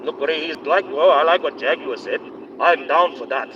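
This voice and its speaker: A man chats away from behind the wheel in a rambling, opinionated live stream, playing up a put-on accent. His voice sits a little high, and the sound is muffled and lo-fi. Engine hum and road noise run steadily underneath. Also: normal speed. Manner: rambling, opinionated running commentary. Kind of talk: casual live-streamed driving chat. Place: inside a moving car on a highway.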